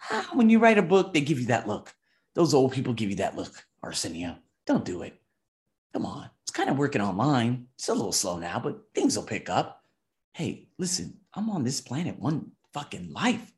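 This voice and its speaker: A man's voice: medium pitch, moderate pace. Guy in his 30s doing a monthly vlog, big swings in his voice, swears a bit, echoey room. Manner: animated and emphatic, swears casually, acts out quoted dialogue. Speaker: vlogger. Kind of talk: reflective monthly review.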